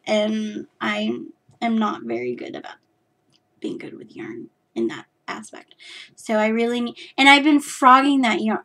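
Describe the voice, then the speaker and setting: A woman's voice: a little high, fairly bright tone. A woman from California, hosting her knitting podcast in a rambling, self-deprecating chat full of fillers and restarts. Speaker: podcast host.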